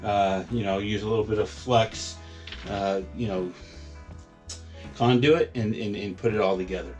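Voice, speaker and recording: This homeowner vlogger walks through a how-to job in a loose, filler-heavy ramble, thinking aloud and at times a little breathless. His voice is lowish, steady and somewhat dark, at a moderate pace, with faint music playing.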